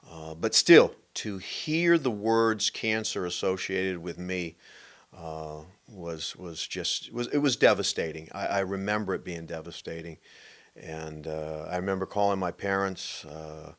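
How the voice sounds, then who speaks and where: A middle-aged man with a very low voice hosts his own show and talks straight to his listeners. He tells a personal story candidly and conversationally, with plenty of fillers and restarts. He leans hard on key points. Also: a bit bright. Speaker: host.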